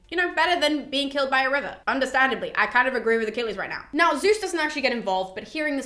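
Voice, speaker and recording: A woman's voice: medium pitch, bright, forceful tone. Chatty woman in an echoey room. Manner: chatty, frank, peppered with "like". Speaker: mythology video host. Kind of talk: casual retelling of a myth. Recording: roomy echo.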